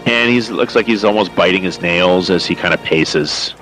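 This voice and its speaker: A man narrating as game master of a tabletop game, talking in a halting way with many fillers and restarts. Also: low-pitched, fairly bright tone, soft background music, poor audio.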